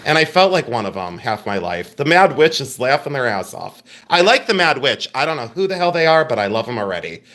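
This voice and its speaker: A man's voice: mid-range voice, very animated, fairly quick, few pauses, a bit bright. A man hosting a live jewelry sale stream, chatty and joking as he rambles about each piece. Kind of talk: casual live-stream selling.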